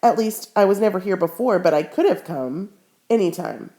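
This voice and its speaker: A woman's voice: mid-range voice, expressive, moderate pace, warm tone, lightly acted. A woman reading aloud the lines of a curious, stubborn ten-year-old girl in a storybook, asking question after question. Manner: eager, persistent questioning.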